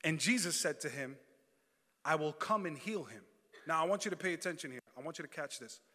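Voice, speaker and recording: Reading scripture aloud, a man then preaches to his congregation in call-and-response fashion. His fairly high voice is animated, brisk, bright and forceful, and a long hall reverb surrounds it.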